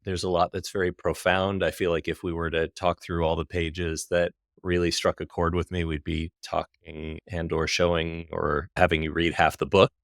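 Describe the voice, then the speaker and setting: Male podcast host, low voice, thoughtful, hesitant restarts, dry mic. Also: little pitch movement, normal speed, few pauses, no room sound. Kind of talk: podcast interview.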